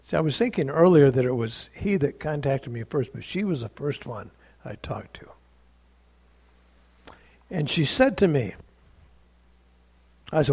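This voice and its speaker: A man's voice: mid-range voice, expressive, a little slow, creaky, pauses often, darkish tone, husky. A man pastor telling a story in a sermon, plainly and conversationally, acting out the dialogue.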